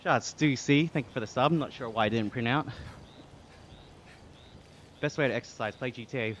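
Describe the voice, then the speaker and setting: A man's voice: mid-range voice, normal speed, muffled recording, slight background noise. An Australian man streaming live, chatting casually and reading out chat while he cycles, laughing often. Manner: relaxed, chatty, reads chat aloud with frequent laughs.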